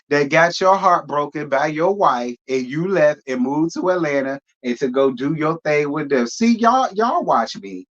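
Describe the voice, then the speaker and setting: A man's voice: on the high side, lo-fi sound. A man hosting a casual reaction commentary, talking bluntly and rambling, with slang and swearing. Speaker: commentary host.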